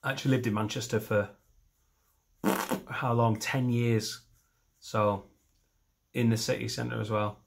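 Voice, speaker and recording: A man's voice: mid-range voice, flat delivery, a little slow, gravelly, long pauses. A middle-aged man from doing a rambling, self-deprecating stand-up set. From northern England. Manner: self-deprecating, rambling, mixes in silly voices. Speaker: stand-up comedian.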